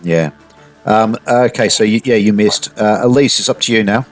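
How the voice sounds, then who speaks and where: A man's voice: on the low side, moderate pace, faint music behind. A man narrating as game master of a tabletop game, hesitant, with frequent restarts. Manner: hesitant, with many restarts and "sort of".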